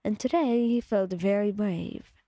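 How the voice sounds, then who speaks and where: Brief: woman storyteller, slow, breathy and mellow, dry close mic, soft ASMR narration. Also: mid-range voice, no echo. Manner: calm, slow second-person storytelling.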